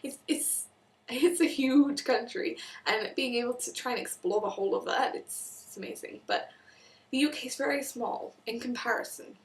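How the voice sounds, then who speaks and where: A woman's voice: a little high, normal speed, recorded from a distance. A young woman from Wales with a Welsh accent, chatting casually in a vlog, acting out little quoted exchanges and often restarting her sentences. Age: young adult. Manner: chatty, talks in quoted asides, many restarts. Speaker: vlogger.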